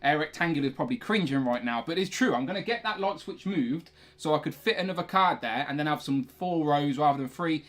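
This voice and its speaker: A man's voice: fairly high pitch, expressive, fairly quick, hardly any pauses, a bit bright. A young man hosting a casual toy collecting livestream from his room, chatty and rambling, often correcting himself. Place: his own room, indoors.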